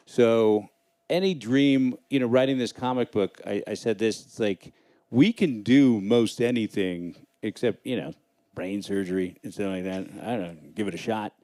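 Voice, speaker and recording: A male comedian spins blunt, easygoing stories on a live panel. His voice is mellow and low-key, and the sound is close and dry. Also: moderate pace, no room sound. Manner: storytelling, blunt, swears casually. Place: live panel in a lodge room.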